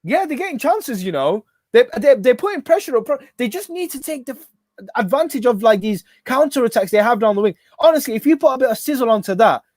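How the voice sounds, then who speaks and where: A man hosting a live football watch-along, excitable and shouting at every chance. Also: very high voice, fast talker, no echo, clean studio sound.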